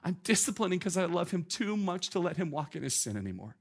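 Male pastor, 30s, conversational sermon delivery, expressive and fairly high-pitched. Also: fast talker, husky. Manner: animated, conversational preaching with "like" asides.

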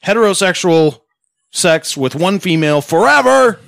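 A male podcast co-host with a very lively pitch that swings up and down. He talks casually and sarcastically, swearing often, in a dry, close recording. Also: normal speed, vocal fry, dry recording. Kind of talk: casual chat.

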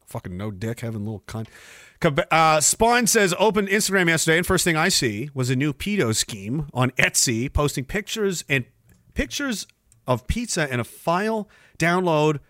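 Sarcastic, profane man with lively high voice. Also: moderate pace, no room sound, clean studio sound. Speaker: livestream host reading chat. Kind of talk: casual ranting livestream commentary.

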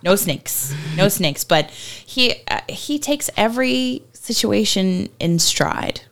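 A woman co-hosting a running podcast in casual chat, halting and full of short affirmations. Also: medium pitch, expressive, creaky. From Florida. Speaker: podcast co-host.

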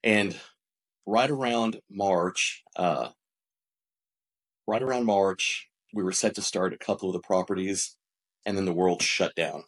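Man with a somewhat low voice, business-owner podcast guest, animated storyteller who restarts and repeats his words. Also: a little slow, pauses often. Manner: animated, acts out quoted dialogue. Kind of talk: conversational storytelling.

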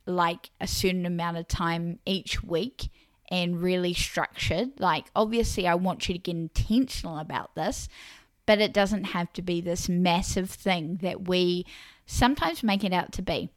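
A woman's voice: fairly low pitch, steady tone, measured pace, no echo. Earnest encouraging woman podcast host. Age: adult parent of a young child. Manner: earnest, encouraging, speaks straight to listeners as "Mama". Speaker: Christian parenting podcast host. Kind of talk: faith-based podcast monologue.

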